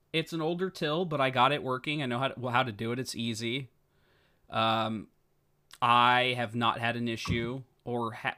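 Chatty podcast guy, bright forceful voice, gets excited, lots of restarts. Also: medium pitch, clear, resonant tone. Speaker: podcast co-host. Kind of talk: casual chat.

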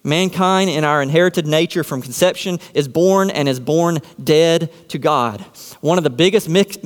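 A man's voice: a little high, long reverb tail. A man preaching a sermon from the pulpit, posing rhetorical questions and answering them with emphasis. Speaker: pastor.

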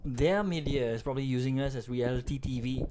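A man's voice: mid-range voice, fairly quick, darkish tone, a little hiss or hum. A man co-hosting a podcast, rambling with frequent restarts. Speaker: podcast co-host. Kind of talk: casual chat.

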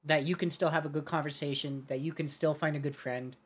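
A young man co-hosting a podcast in casual chat, speaking deliberately with hesitations and restarts. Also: a little high, fairly even intonation, slightly rough. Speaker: podcast co-host.

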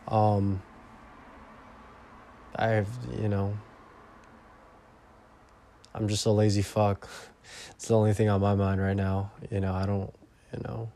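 A man's voice: lowish voice, darkish tone. A young man vlogging in a rambling, profane casual monologue that often trails off into mumbles.

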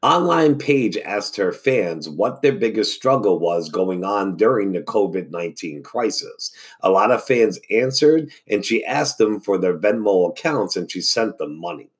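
Male podcast host, husky low voice, reads news loosely, stumbles and restarts. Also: lively intonation, measured pace, hardly any pauses. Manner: stumbles over words and restarts. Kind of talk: casual news podcast reading.

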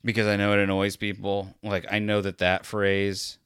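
A man's voice: fairly low pitch, completely flat delivery, normal speed, a bit bright, clear, resonant tone, dry recording, studio quality. Tired, rambling male podcast host. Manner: self-deprecating, sarcastic, meandering. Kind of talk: rambling solo podcast talk.

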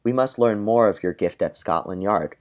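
A man's voice: moderate pace, darkish tone, dull audio, close to an everyday voice. A man doing a pompous old British statesman. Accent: attempted British. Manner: pompous, booming, half-hearted impression. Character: stout elderly cigar-chewing British prime minister.

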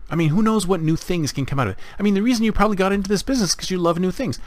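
A man's voice: high voice, animated, rapid-fire, dry recording. A man hosting a podcast monologue, speaking emphatically and repeating phrases for effect. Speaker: podcast host.

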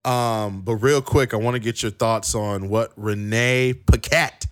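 Podcast co-host, male, low smooth voice, stammers a bit, reads quotes aloud. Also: steady tone, a little slow. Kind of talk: casual wrestling podcast chat.

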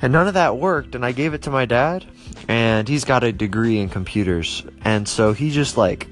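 Young man, casual vlog storytelling, rambling, fillers and restarts, mid-pitched voice, soft music underneath. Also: expressive, moderate pace. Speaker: vlogger.

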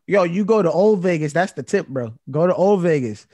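A young man in his twenties chatting casually with friends, relaxed and quick to chime in with questions. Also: on the high side, a crowd in the background. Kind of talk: casual chat among friends.

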